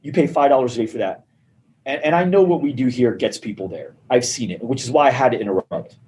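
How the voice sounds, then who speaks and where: A man with an ordinary mid-range voice tells a story in a loose, animated way. He slips into the voices of the people in the story as he goes. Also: mid-range voice, fast talker, low-quality recording. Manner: animated storyteller acting out dialogue. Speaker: gym marketing guest. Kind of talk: casual storytelling interview.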